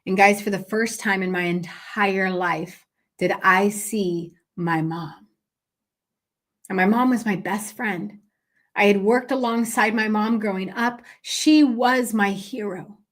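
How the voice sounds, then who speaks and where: Speaking slowly at medium pitch, a woman who coaches businesses hosts a podcast and shares a personal story conversationally. Her talk is full of fillers and questions aimed at the audience.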